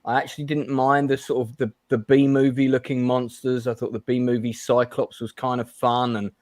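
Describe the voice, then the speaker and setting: A man's voice: mid-range voice, level tone, normal speed, darkish tone, no echo, clean studio sound. A man hosting a casual chat show, talking bluntly with lots of fillers and restarts. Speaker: host.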